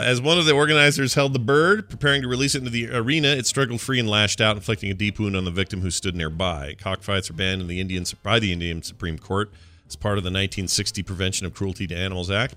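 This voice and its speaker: A man's voice: low-pitched, bright, forceful tone. A middle-aged man co-hosting a casual comedy podcast, joking and reading news stories aloud with stumbles. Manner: jokey, reads news aloud haltingly. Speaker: podcast co-host.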